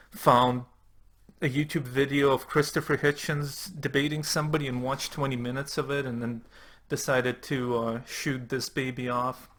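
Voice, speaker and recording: A man's voice: mid-range voice, a bit bright. A man giving sarcastic, profane commentary on political tweets as a YouTube host. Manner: mocking, profane asides.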